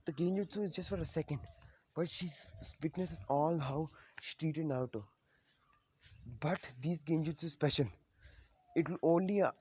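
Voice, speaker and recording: A man's voice: medium pitch, mellow, a little hiss or hum. A man casually retelling a fan story in a rambling way, often stopping to correct himself.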